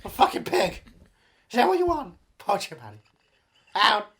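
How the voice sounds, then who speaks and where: A man doing a loud, rowdy impression of a crude middle-aged character actor who keeps shouting out. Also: high-pitched, huge pitch swings, moderate pace, breathy edge, voice pushed up, heavily acted.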